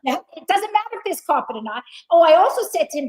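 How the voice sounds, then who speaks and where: A woman guest in casual chat, loud and swearing, telling a story with acted quotes. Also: extremely high pitch, very animated, fast talker, hardly any pauses, poor audio.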